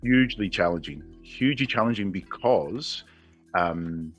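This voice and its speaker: Faint music sits behind a low-pitched man in his forties with an Australian accent, whose intonation is lively though his pace is unhurried. He tells his own story as an interview guest, candid, earnest and emotional, often starting sentences over.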